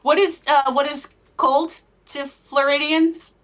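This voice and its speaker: A woman co-hosting a podcast, cutting in with quick teasing questions and laughing often. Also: high voice, flat delivery, a bit bright, slight background noise. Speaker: podcast co-host. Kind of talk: casual banter.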